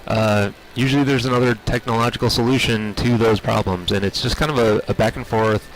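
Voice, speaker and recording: A man speaking for an industry group, explaining technology trends in a measured way with many filler words. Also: medium pitch, fairly even intonation, slight background noise, rough recording. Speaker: industry spokesperson. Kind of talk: on-site interview.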